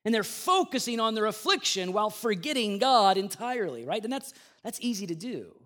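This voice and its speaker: A man preaching a sermon in a conversational way, moving between loud emphasis and quiet asides. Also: high-pitched, big pitch swings, brisk. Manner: plays out the grumbling people in a raised voice. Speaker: pastor.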